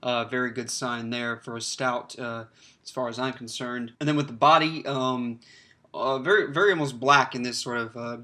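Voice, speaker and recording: A man's voice: mid-range voice, fairly even intonation, normal speed, bright, forceful tone. A man giving a casual, rambling beer review, full of fillers and restarts. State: slightly choked up, clears throat.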